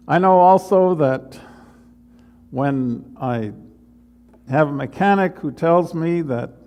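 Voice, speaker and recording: Slow, gravelly-voiced male pastor preaching. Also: medium pitch, darkish tone. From United States. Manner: slow, earnest preaching with pauses. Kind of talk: sermon. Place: church sanctuary.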